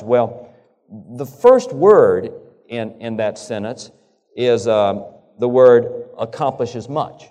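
A man preaching in a reverberant hall, his voice warm and mellow. He talks haltingly, doubling back on his words, and his pitch climbs and falls a lot as he stresses a point. He asks his listeners rhetorical questions. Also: lively intonation. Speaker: pastor. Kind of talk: sermon.

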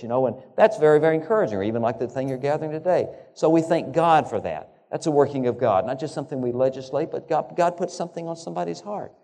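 A man's voice: mid-range voice, expressive, quick pace, mellow, long reverb tail. A man preaching a sermon, often restarting and repeating words and asking his listeners rhetorical questions. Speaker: pastor.

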